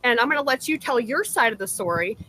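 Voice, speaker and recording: A woman's voice: fairly high pitch, expressive, fast, bright, forceful tone, slight background noise. Cursing, ranting woman. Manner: profane, angry, ranting. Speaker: livestream participant. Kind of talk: heated online argument.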